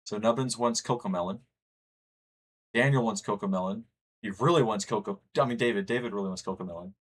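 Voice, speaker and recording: A man's voice: lowish voice, a little fast. A young man from the United States chatting casually with his livestream chat, rambling and reading messages aloud. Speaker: streamer.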